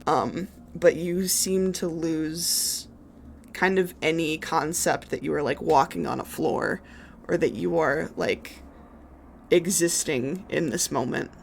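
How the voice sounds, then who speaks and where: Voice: mid-range voice, slow pace, vocal fry, slight background noise. A game master narrating a tabletop game on a stream, hesitant and full of filler words as they describe the scene. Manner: hesitant, many fillers and restarts.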